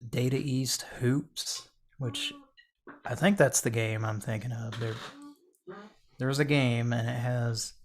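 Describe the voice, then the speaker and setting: A man's voice: medium pitch, slow, long pauses, a little hiss or hum. A man hosting a podcast in casual chat, rambling and restarting his sentences as he talks. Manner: rambling, chatty, trails off and restarts. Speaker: podcast host.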